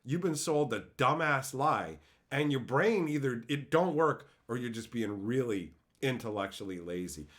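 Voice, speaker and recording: A man's voice: mid-range voice, lively intonation, normal speed. A man streaming and ranting in a scornful, profane tone, often mocking others in put-on voices. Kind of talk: ranting commentary.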